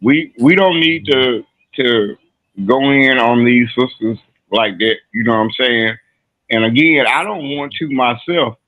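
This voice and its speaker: A man's voice: mid-range voice, unhurried. A man calls into a live-stream panel, talking casually and rambling with many fillers. He comes through a tinny phone line with a dry sound and no room echo. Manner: rambling, repeats "you know what I'm saying".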